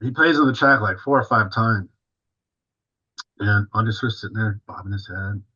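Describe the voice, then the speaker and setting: A man's voice: fairly low pitch, normal speed, bright, forceful tone, husky, dull audio. A male drummer, a guest on an interview, tells a story casually and animatedly, full of fillers and acting out what others said.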